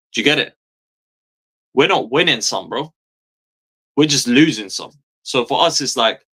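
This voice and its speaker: A man's voice: medium pitch, pushed and bright. Man, thirties, football fan streamer, angry rant, exasperated, swears a lot, repeats himself for emphasis. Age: 30s.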